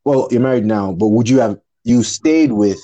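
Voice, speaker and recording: A man interviewing a friend in a casual chat, asking questions in a relaxed, slangy way. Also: medium pitch, normal speed, highs cut off.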